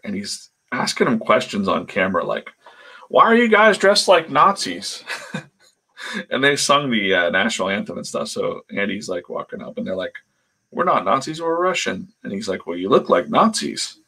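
Casting: man, low gravelly husky voice, rambling anecdotal storyteller on a live stream. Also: pushed and bright. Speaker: comic artist streaming live. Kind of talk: casual storytelling while drawing.

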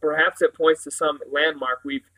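A man's voice: on the high side, fairly even intonation, normal speed, bright, forceful tone, rough recording. Man reading as a frightened young girl. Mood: doubtful. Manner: read aloud, words hesitant and fearful.

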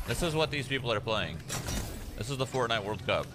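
A man's voice: medium pitch, expressive, a little fast, music in the background. A man streamer ranting sarcastically to his chat. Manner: sarcastic, complaining.

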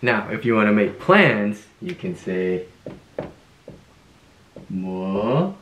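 A man with a fairly low voice leads a casual video lesson. He sounds upbeat and playful, laughs easily, and says phrases slowly and more than once. The room is echoey. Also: sing-song, fairly bright tone, a little hiss or hum. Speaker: Korean language teacher.

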